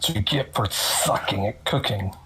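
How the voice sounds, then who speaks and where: A woman's voice: very deep voice, moderate pace, fairly bright tone, slightly rough. A woman player chiming in with short, dry, teasing remarks.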